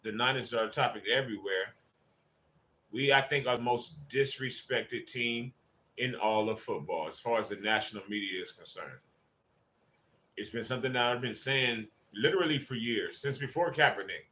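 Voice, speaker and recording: A man's voice: medium pitch, normal speed, sharp tone, a little hiss or hum. A man hosting a casual fan livestream, chatting and greeting viewers by name as they join. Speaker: livestream host.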